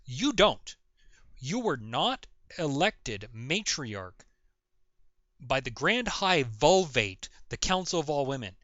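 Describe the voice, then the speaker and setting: A man's voice: medium pitch, big pitch swings, slow, fairly bright tone, no room sound. A man ranting sarcastically in a reaction video, mocking and exasperated, swearing often. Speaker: video commentator. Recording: dull lo-fi recording.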